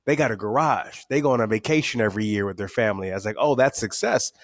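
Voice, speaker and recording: A middle-aged man, talking in a podcast interview. His voice sits low and is recorded close and dry, with no room around it. He tells stories candidly, often repeating words as he builds up energy. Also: very fast, no echo. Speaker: guest, author and speaker.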